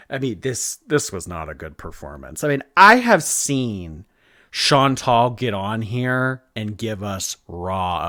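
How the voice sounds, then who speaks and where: A man hosting a commentary channel, reacting to clips in an animated, incredulous way and laughing often. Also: low-pitched, dry recording.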